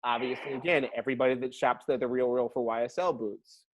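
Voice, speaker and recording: A young man hosting a podcast, chatting casually and telling stories in an animated way, laughing and swearing freely. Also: mid-range voice, fast talker, slight background noise. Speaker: podcast host. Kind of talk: casual chat.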